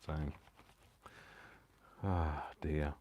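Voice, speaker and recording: A man's voice: very deep voice, steady tone, drawn-out words, muffled recording. A man chatting casually through a crafting tutorial at home, rambling and self-deprecating and chuckling often. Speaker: craft vlogger. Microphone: wired mic on a tripod setup.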